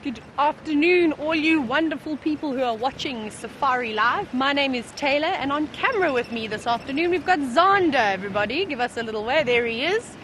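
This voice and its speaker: Bubbly high-voiced woman safari guide. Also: a little fast, few pauses, slight background noise. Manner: bubbly and excited. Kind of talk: live safari commentary from a moving vehicle. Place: open safari vehicle outdoors.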